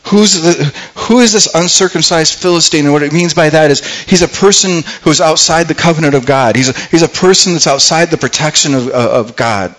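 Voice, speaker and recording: A man's voice: fairly high pitch, a little fast, few pauses, fairly bright tone, rough recording. A man preaching a sermon, retelling a scripture story and acting out what its characters might say, often repeating words as he thinks aloud. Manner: acts out the characters' thoughts in dialogue.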